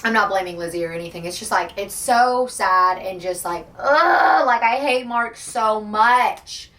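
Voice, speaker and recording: A woman's voice: medium pitch, moderate pace, fairly bright tone, distant mic. A woman book vlogger reacting emotionally to a novel in casual talk, gushing and full of "like". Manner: gushing and emotional, heavy filler "like". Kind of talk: casual reading-vlog reactions.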